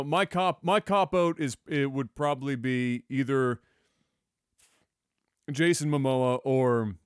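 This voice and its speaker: A man co-hosting a podcast, speaking at a middle pitch with loose, profane energy. His voice sits on a dry, close mic with no room sound. He swings from mumbled pauses to loud, animated bursts. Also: clear, resonant tone, dry recording. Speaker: podcast co-host. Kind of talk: casual crude banter.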